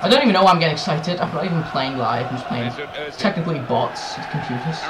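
A young man doing loud gameplay commentary for a football video game, swearing and shouting at the players. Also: fairly high pitch, fast, a crowd in the background, rough recording. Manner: excitable, swears a lot, yells at the game. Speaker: gaming YouTuber. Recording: game music playing behind. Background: soccer game music and commentary.

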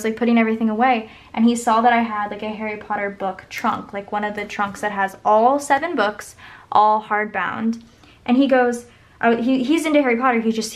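Chatty young woman, rambling vlog talk. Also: fairly high pitch. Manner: chatty, rambling, filler-heavy storytelling. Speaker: planner vlogger. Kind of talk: casual plan-with-me chat.

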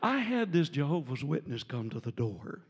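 A man preaching a storytelling sermon as a visiting preacher, animated and jovial, breaking into laughter and shouts. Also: on the high side, normal speed. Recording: reverberant church sanctuary.

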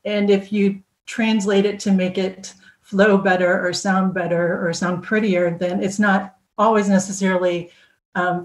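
A woman with a somewhat low voice talks as a podcast guest about her translation work. She speaks hesitantly, filling her pauses with ums and restarting her thoughts. Her voice carries a roomy echo. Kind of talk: casual podcast conversation.

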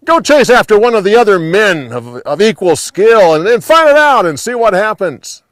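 Seasoned warrior, high and urgent, a storyteller putting him on, yelling back across a battlefield, dry close sound. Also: male voice, lively intonation, fast talker, dry recording. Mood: warning. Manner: raised, urgent calling out. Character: seasoned old male warrior, pleading to stop.

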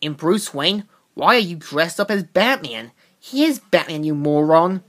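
A cold, scheming businessman villain out of a comic book sneers his lines in a slow, dismissive way, read out by a woman. The voice sits fairly low for her. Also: big pitch swings, fairly bright tone, heavily acted. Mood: scornful.

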